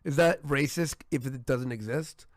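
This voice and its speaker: A man's voice: medium pitch, moderate pace, dry recording, studio quality. A man hosting a casual livestream, reading donation messages aloud in a loose, joking way, his throat sore and tired.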